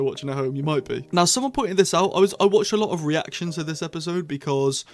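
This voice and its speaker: A young man reviewing a TV series to camera in a chatty, rambling way with bursts of excitement. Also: fairly high pitch, a little fast, faint music behind. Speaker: TV show reviewer. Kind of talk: casual scripted review to camera.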